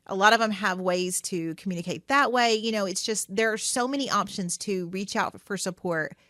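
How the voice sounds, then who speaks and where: A woman's voice: medium pitch, normal speed, sharp tone, dry recording, studio quality. A woman co-hosting a podcast, talking in a casual, earnest way and often saying "you know" and "like". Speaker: podcast co-host. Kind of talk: casual mental health chat.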